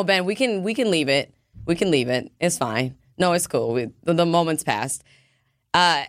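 A woman hosting a radio show, talking in a chatty, teasing, animated way. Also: low-pitched, no echo, studio quality. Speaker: radio host. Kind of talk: casual radio talk.

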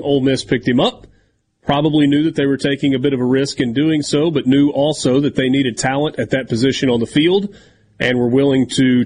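A man hosting a sports talk radio show, chatting casually and reading sponsor copy. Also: mid-range voice. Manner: talkative, leads the segments.

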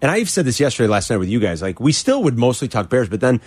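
A man hosting sports radio, sharing memories in casual chat and jumping high for quoted lines. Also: fast, breathy edge, no room sound. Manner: animated storyteller who jumps to a high voice for quoted lines.

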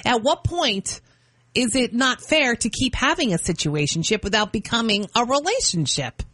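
A woman hosting a morning radio show, teasing and pushing her co-host in a lively banter. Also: on the high side, moderate pace, no room sound. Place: radio studio. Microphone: studio microphone.

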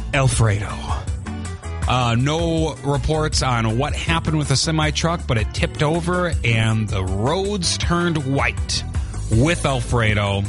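Male morning radio host, upbeat and playful, faint music bed underneath. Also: a little high. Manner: upbeat, playful, lively delivery. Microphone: studio microphone.

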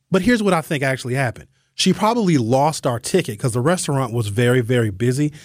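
A male radio host telling a comic story with animated, slangy emphasis. His voice sits slightly high for a man. The sound is close and dry, with no room echo.

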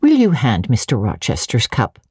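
A kindly older housekeeper speaks quietly and gently, as a woman reading the book voices her. The voice is husky and warm-toned. It is a storybook reading. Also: a bass voice, wildly swooping pitch, normal speed, no room sound, studio quality, pitched below the performer's own voice, exaggerated voice.

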